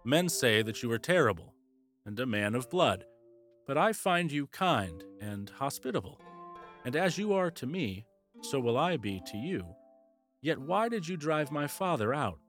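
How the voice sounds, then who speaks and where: A man's voice: medium pitch, very animated, measured pace, a bit bright, faint music behind, pitched above the performer's own voice. A man reading aloud, voicing a bold young male hero in a storybook, speaking up with a raised, eager voice. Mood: earnest.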